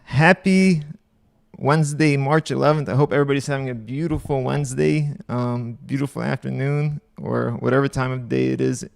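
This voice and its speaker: A man's voice: mid-range voice, fairly even intonation, normal speed, creaky. A man hosting a casual livestream, chatting to viewers in a rambling way and laughing often. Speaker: livestream host.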